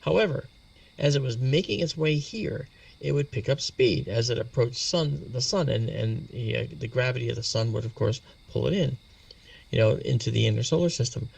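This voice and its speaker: A man with a gravelly, creaky voice, heard a little set back from the mic. He talks patiently as an interview guest and spells out the terms he uses. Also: mid-range voice, normal speed, darkish tone, distant mic. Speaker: astronomy guest expert. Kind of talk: explanatory interview talk.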